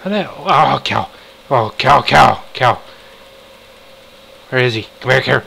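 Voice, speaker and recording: A man giving casual commentary while playing a game, talking to himself, swinging between frustrated outbursts and excited shouts. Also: medium pitch, measured pace, vocal fry, breathy edge, poor audio. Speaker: gamer.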